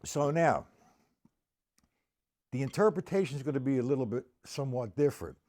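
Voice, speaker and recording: A man's voice: medium pitch, lively intonation, a little fast. A man teaching a drum lesson on a live stream, explaining exercises in a patient, conversational way and counting beats aloud. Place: room with a drum set. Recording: loud drum kit playing behind the voice.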